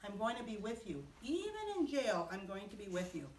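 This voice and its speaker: A woman voicing God in a children's Bible story, speaking softly and slowly to comfort, recorded from afar in an echoey room. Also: sits high, lively intonation, far from the mic, a little hiss or hum. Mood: reassuring. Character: God, calm reassuring voice to Joseph.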